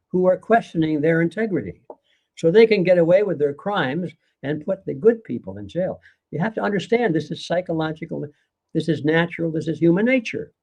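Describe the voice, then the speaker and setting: A man's voice: fairly high pitch, creaky, mellow, breathy edge, highs cut off. An older man, a guest author in a live conversation, speaking earnestly and lecturing, with occasional laughs.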